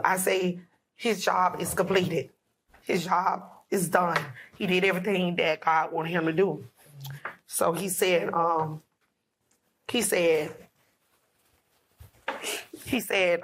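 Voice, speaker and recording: A woman's voice: fairly low pitch, fairly even intonation, takes it slowly, long pauses. A woman, telling an emotional personal story as a podcast guest, acting out what everyone said. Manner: emotional, retelling dialogue with many "I said, he said".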